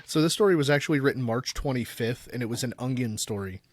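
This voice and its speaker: A man's voice: medium pitch, quick pace, dry recording. A man co-hosting a podcast in casual chat, an easygoing storyteller who reads articles aloud. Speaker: podcast co-host.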